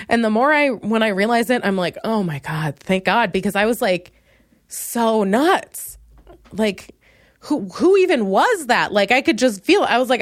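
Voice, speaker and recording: A Minnesota podcast host in her twenties rambles through a comedic solo monologue, making fun of herself. Her volume jumps from low mumbles to loud bursts, and the studio-quality recording has no echo.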